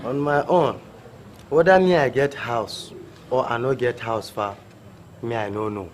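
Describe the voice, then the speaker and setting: A man's voice: mid-range voice, measured pace, slight background noise, lightly acted. A man with a Hausa-accented Pidgin playing a blunt, outspoken landlord in a comedy film. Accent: Hausa-accented Nigerian Pidgin. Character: plain-spoken Hausa male landlord, outspoken.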